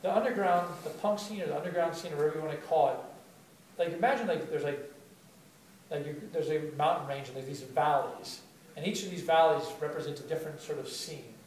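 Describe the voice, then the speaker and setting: A man telling stories to a live audience in a chatty, animated way, full of fillers. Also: fairly high pitch, fairly quick, recorded from a distance, a little hiss or hum. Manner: animated, chatty, heavy use of "like". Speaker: storyteller at a spoken-word event. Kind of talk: live storytelling talk. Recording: very echoey room taped from afar.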